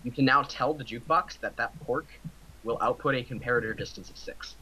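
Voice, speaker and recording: A man's voice: mid-range voice, brisk, bright, forceful tone, breathy edge, poor audio. A man from Ohio chatting casually on a group voice call, rambling with repeated words. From Ohio, USA. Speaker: podcast participant.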